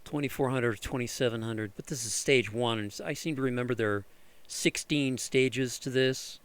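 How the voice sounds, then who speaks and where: With a clear, resonant voice at normal speed, a man grumbles sarcastically while fixing his computer, narrating over a screen recording. The exasperated vlogger swears liberally and mocks people in high, shrill voices.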